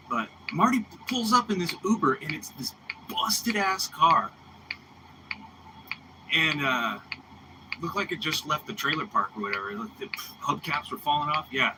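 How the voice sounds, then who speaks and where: A man in his thirties, a bassist, telling backstage stories in a rambling, animated way, full of "dude" and "man.". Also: moderate pace. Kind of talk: casual chat. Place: studio room. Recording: clearly noisy background with ticking.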